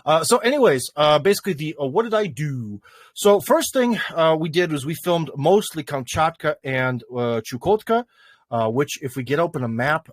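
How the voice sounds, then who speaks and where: A man's voice: fairly high pitch, lively intonation, moderate pace, dry recording. Rambling, self-mocking livestream host, a man. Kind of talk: casual livestream chat.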